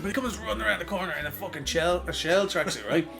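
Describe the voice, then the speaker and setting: An Irish man co-hosting a podcast, telling a sweary story in a loose, laughing, animated way. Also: high-pitched, fast, gravelly, music in the background. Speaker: podcast co-host. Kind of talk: casual chat, storytelling.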